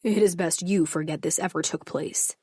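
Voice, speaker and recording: A woman voicing a cold, husky mafia boss. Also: on the low side, fairly even intonation, normal speed, dark tone, no room sound, clean studio sound. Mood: commanding. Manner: clipped, controlled, authoritative.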